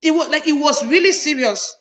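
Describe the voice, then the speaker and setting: A woman's voice: high voice, a little fast, a bit bright, low-quality recording. A woman in her thirties telling a personal family story to her viewers, emphatic and passionate, her voice climbing when she gets indignant. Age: 30s. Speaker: livestream host.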